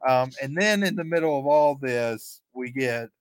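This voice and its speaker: A man co-hosting a podcast, recapping events play by play in a relaxed, chatty way and chuckling often. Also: mid-range voice, moderate pace, clean tone, dry recording. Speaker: podcast co-host. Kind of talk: casual recap chat.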